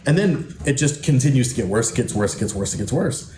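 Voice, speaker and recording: In this podcast monologue, a male host who coaches men speaks at medium pitch, a bit fast and animated, with a slightly mellow tone. His style is preachy, forceful, and frank, peppered with profanity. Faint noise and room echo are audible.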